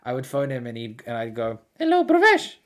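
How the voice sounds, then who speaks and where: A man telling prank-call stories in casual chat, animated and laughing often. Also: mid-range voice, brisk. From South Africa.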